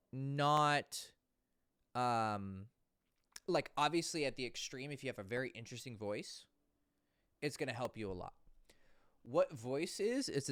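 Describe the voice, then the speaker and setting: A man's voice: medium pitch, fairly bright tone, no room sound, studio quality. A man working as a dating coach, talking casually and bluntly, swearing now and then and answering viewer questions. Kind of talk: casual livestream talk.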